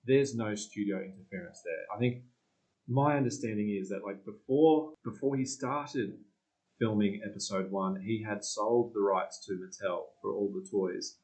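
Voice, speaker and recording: A man's voice: on the low side, normal speed, a little mellow, rough recording. A man with a New Zealand accent chatting casually about films on a podcast, rambling and restarting mid-thought. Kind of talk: casual film podcast chat.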